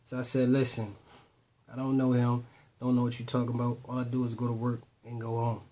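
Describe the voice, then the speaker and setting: A man's voice: completely flat delivery, fairly quick, warm tone. Man telling street stories, casual. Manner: conversational, retells dialogue in voices, repeats "boom". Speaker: storyteller addressing youth. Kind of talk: casual spoken storytelling.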